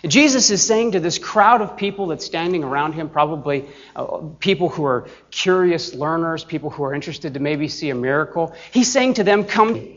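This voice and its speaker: A man preaching a sermon as pastor, earnest and emphatic, slowing down deliberately on key phrases. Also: on the high side, lively intonation, dull audio.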